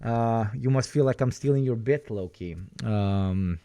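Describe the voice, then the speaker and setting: A man's voice: mid-range voice, measured pace, hardly any pauses, warm tone, clean tone, dry recording, clean studio sound. A young man streaming reactions, rambling and joking, swearing freely as he tries out silly accents.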